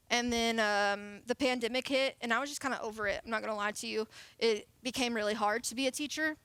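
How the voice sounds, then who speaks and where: A youth pastor in her late twenties gives a sermon in a high, light voice. She keeps it casual and playful and laughs often. The sound is dry and close, with no room echo. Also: a little fast, a bit bright, smooth. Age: late 20s. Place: church sanctuary.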